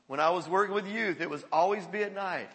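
A male pastor telling stories in a sermon, animated and often chuckling. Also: high voice, quick pace. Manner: animated storytelling with frequent chuckles. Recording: echoey hall.

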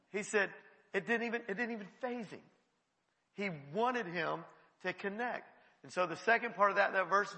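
A man pastor delivers a lively sermon in a high, gravelly voice with a bright edge. He acts out scripture scenes and chuckles between points, while his words ring through a reverberant church sanctuary. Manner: lively preaching, acting out Bible figures, frequent chuckles.

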